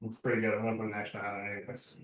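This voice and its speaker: A man playing in a tabletop game, speaking casually and trailing off into quiet asides. The recording is roomy, with the mic at a distance. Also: lowish voice, completely flat delivery, very fast. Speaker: player. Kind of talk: tabletop play.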